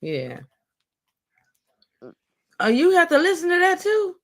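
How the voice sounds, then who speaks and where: A woman's voice: extremely high pitch, huge pitch swings, slow pace, fairly bright tone. A woman hosting a casual livestream, chatting playfully with a guest and laughing often. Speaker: livestream host.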